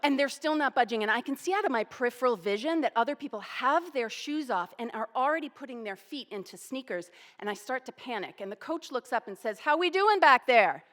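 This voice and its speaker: A woman in her forties telling a personal story, animated and self-deprecating. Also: fairly high pitch, brisk, few pauses, big-room sound. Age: 40s.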